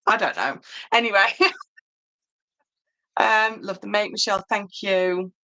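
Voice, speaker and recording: A woman's voice: mid-range voice, fairly even intonation, a little slow, pushed and bright. A woman with a Yorkshire accent giving a chatty live-stream papercraft tutorial, answering viewer comments with lots of ums. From Yorkshire, England.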